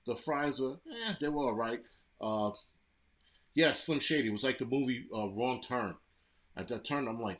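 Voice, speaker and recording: Brief: American man, mid-pitch, profane live-stream host, blunt ranting. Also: animated, normal speed. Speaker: livestream host reading chat. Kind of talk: profane casual live chat.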